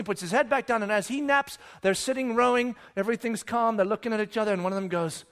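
Man, pastor, high voice, sermon, animated storytelling, conversational. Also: fast talker, few pauses. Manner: animated storytelling, acts out disciples and Jesus with sudden loud and hushed voices; conversational, keeps checking with "right?".

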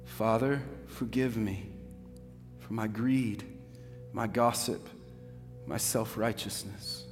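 Low-voiced man in earnest prayer. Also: fairly even intonation, takes it slowly. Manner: earnest, building from hushed to fervent. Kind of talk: spoken prayer of confession. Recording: reverberant hall over instrumental music.

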